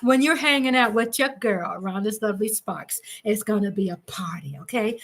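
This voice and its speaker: A woman's voice: on the high side, sing-song, a little slow, long pauses, fairly bright tone. A woman hosting a casual livestream, chatting playfully and breaking into snatches of song. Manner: playful, sings snatches of songs. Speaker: livestream host.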